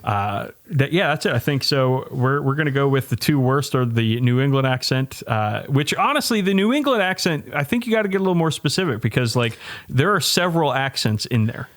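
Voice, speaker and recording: Podcast co-host: man, middle pitch, halting then quick, casual. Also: very animated. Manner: hesitant, many restarts, then rushing. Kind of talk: casual chat.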